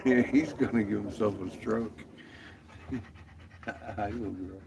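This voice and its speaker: A man's voice: lowish voice, a little slow, gravelly. A man chatting playfully with his dogs, laughing, swearing and slipping into baby talk. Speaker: dog owner filming his pets. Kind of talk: casual chat to his dogs. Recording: loud background noise.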